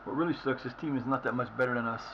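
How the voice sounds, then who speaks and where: A man with a mid-range voice livestreams a football game, ranting at his team's play in rapid-fire, frustrated bursts and swearing often. The audio has its highs cut off and background noise behind it.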